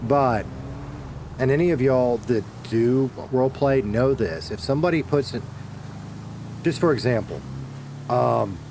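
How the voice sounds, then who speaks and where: A man's voice: medium pitch, unhurried, pauses often, noisy background. Chatty Southern man streaming a game. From Deep South of the United States. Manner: rambling and self-correcting, with bursts of cursing. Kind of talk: casual chat to viewers while gaming.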